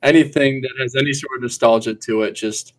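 A man's voice: mid-range voice, steady tone, a little fast. Man, casual chat, dry jokey delivery.

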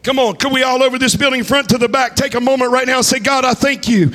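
A man preaching a sermon, fiery and shouting, often breaking into a chanted delivery. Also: very high voice, steady tone, fast. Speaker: pastor. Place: church hall. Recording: reverberant church hall.

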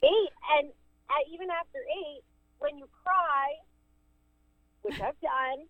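A woman's voice: high voice, slow, dry recording. A woman co-hosting a casual beauty chat, calling in from her car. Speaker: podcast co-host. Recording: tinny phone line.

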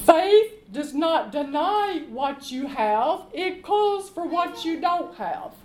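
A woman preaching a sermon, reading scripture slowly and emphatically and calling the congregation to respond. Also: high voice, sing-song, darkish tone. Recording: echoey room with faint background noise.

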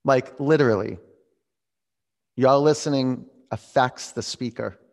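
A man in his forties leading a yoga class, calm and reflective as he tells a personal story between pose cues. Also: medium pitch, measured pace, creaky. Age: 40s. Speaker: yoga instructor.

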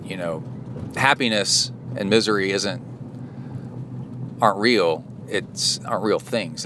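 A man hosting a podcast, talking alone in a casual, rambling, reflective way, recorded in a car. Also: low-pitched. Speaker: podcast host. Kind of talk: casual solo talk. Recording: road noise from a car.

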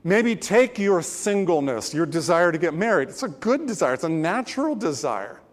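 A male pastor delivers his sermon in a relaxed, conversational storytelling manner, full of pauses and small asides. His voice sits a little higher than most men's. The sound carries a long reverb, as if picked up in a church sanctuary.

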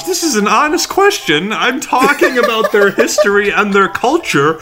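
A man's voice: high-pitched, very animated, moderate pace, over loud music. A man co-hosting a casual comedic podcast, telling a history story with frequent teasing jokes and laughs. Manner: joking, laughs often, teasing delivery.

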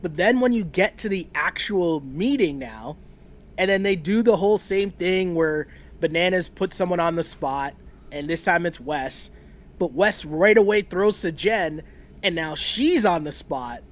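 A man's voice: sits high, unhurried. A man in his thirties co-hosting a casual chat, rambling through a theory with frequent laughs. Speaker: podcast co-host. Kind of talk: casual chat about a reality show.

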